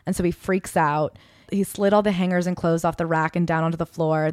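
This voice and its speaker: Woman podcast co-host, quick and low-pitched, dry close sound; casual book chat with read-aloud memoir passages. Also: steady tone, a little mellow, no room sound.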